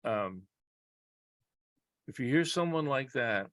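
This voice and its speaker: A man speaking as a guest psychologist in a reflective conversation, earnest and halting, with frequent restarts and pauses, heard over a video call. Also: mid-range voice, lively intonation, a bit bright, no echo.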